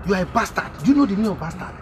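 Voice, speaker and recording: An actor with a Nigerian accent playing a bitter village uncle who shouts and mocks his relatives in a film. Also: high voice, lively intonation, very fast, faint music behind. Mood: scornful. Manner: mocking, shouting insults. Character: bitter, insulting middle-aged village uncle. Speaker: scornful uncle in a family feud. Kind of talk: Nollywood film acting.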